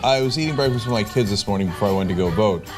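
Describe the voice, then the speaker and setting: Man, political pundit, confident, opinionated, music playing clearly behind him. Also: fairly low pitch, animated, very fast. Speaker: political show host. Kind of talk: news commentary.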